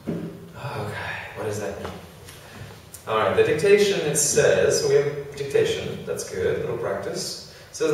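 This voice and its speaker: A man's voice: mid-range voice, measured pace, slight background noise. Guy teaching english grammar, easygoing and chatty, mic far off in a really echoey classroom. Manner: relaxed, chatty explaining with self-deprecating asides.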